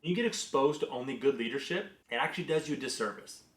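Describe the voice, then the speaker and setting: A man's voice: medium pitch, fast. Man in his thirties in a roomy space. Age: 30s. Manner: conversational, earnest, animated in anecdotes. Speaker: business executive sharing career lessons. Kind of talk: reflective personal storytelling and advice. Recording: roomy echo.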